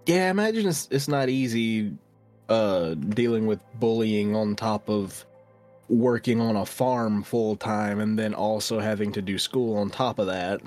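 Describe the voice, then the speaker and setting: A man's voice: fairly low pitch, a little mellow, soft background music. A man co-hosting a podcast, bantering jokingly and stumbling over his words. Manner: joking, halting with repeated restarts. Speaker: podcast co-host.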